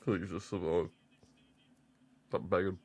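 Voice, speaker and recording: Young male streamer, slightly low voice, nervy live match commentary full of exclamations. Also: little pitch movement, slow, a little mellow. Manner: anxious, pleading, exclamatory. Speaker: streamer hosting a football watchalong.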